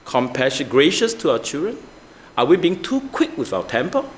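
A man's voice: mid-range voice, very animated, moderate pace, a little hiss or hum. A man preaching a sermon as pastor, asking the congregation many rhetorical questions.

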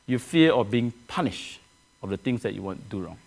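A man's voice: fairly low pitch, animated, fairly quick, vocal fry, a little mellow, breathy edge. A man preaching a sermon to his church, earnest, often restarting phrases and asking the congregation questions. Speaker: pastor.

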